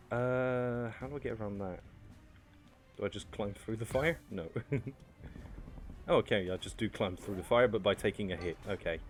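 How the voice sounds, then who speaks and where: Man from France, low voice, rambling joking gameplay chatter, desk mic, faint music behind. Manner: joking, rambling, answers chat. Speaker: streamer. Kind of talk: casual gameplay commentary.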